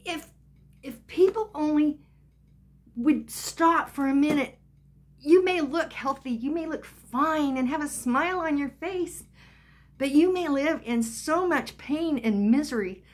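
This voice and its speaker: A woman's voice: high voice, measured pace. An older woman vlogging, telling a personal story in a chatty, rambling way full of asides.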